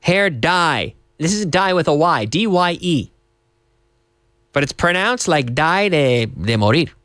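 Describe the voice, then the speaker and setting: A man's voice: fairly high pitch, sing-song, slow pace, a bit bright, no room sound, clean studio sound. A man from Canada teaching English vocabulary on a TV lesson, spelling words out and switching into Spanish.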